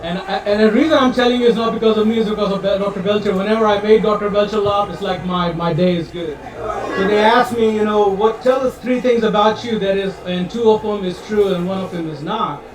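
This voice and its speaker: A man gives a heartfelt speech at a retirement party, halting and restarting as he jokes. His voice sits fairly high. He is heard from a distance in an echoey room. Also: a crowd in the background. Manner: halting, full of restarts, joking and emotional. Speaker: guest speaker. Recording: roomy hall, mic at a distance.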